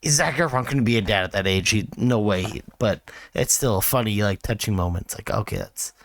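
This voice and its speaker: Low gravelly guy cussing and egging the others on, dry mic. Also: a little fast, no room sound. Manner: blunt, swears, eggs the others on. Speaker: podcast co-host. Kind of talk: casual chat.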